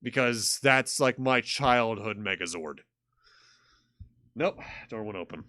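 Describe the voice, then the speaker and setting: Casual, lively streamer. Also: male voice, fairly low pitch, slow pace, no room sound, studio quality. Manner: casual, swearing, loose and rambling. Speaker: streamer playing a game. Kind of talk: casual game commentary and reading dialogue aloud.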